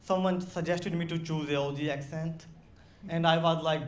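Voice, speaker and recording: A man from India with an Indian accent, doing a slow, deadpan stand-up comedy set on a club stage. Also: a little high, noisy background. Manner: slow, deadpan delivery with crude punchlines. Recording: roomy live club sound with audience.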